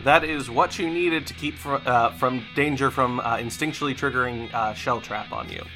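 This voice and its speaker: A man's voice: mid-range voice, normal speed, over music. A man running a tabletop role-playing game, narrating events and calling for rolls. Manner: narrating actions, calling for checks. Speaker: game master.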